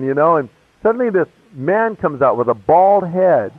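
Preacher on a tinny radio line. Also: male voice, fairly high pitch, lively intonation, normal speed, no echo. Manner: casual slangy storytelling. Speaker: pastor. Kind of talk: sermon with personal testimony. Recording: tinny phone-like radio broadcast.

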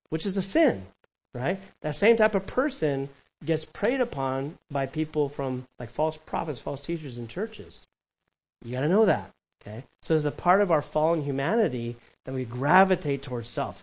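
A man preaching a sermon as pastor, animated and conversational, with quick asides to the congregation. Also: a little high, poor audio.

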